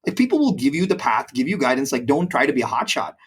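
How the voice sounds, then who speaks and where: A man in his forties from India, a podcast guest telling stories in an animated conversational way, with frequent fillers and restarts. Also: medium pitch, quick pace, husky. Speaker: podcast guest, brokerage president. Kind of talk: conversational storytelling.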